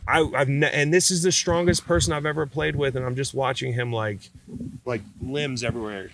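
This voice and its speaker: Brief: man guest, casual swearing storyteller, mid-pitched, acts out voices. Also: a little fast, gravelly, noisy background. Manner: animated, swearing, acts out quotes. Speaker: podcast guest.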